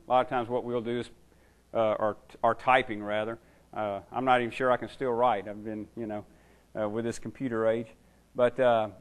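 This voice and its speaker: A middle-aged or older man preaches, with a voice of ordinary pitch for a man. He moves between a relaxed, conversational way of explaining and slowed, emphatic reading of scripture. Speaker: pastor. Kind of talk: sermon.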